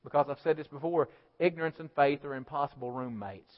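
Man, pastor, sermon, high voice, loud-to-quiet swings, church hall reverb. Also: brisk. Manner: preaching with call-and-response asides, rising and falling in volume. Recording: dull lo-fi sound with long hall reverb.

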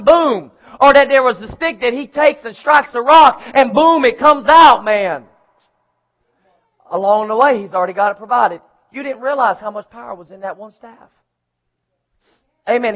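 A man's voice: extremely high pitch, a bit bright, low-quality recording. A man preaching a sermon in church, emphatic, calling out to the congregation for answers. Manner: emphatic preaching with call-and-response.

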